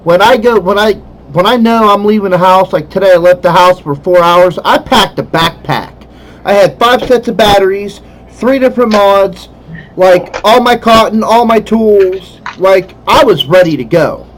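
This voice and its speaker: High-voiced chatty man. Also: moderate pace, slight background noise, poor audio. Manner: chatty, self-described enthusiast. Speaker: podcast host. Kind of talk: casual chat.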